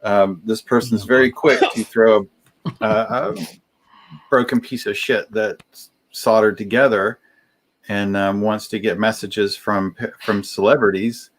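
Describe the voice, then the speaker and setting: A man co-hosting a casual podcast chat, speaking haltingly with many restarts as he tries to stay calm. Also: lowish voice, a little hiss or hum.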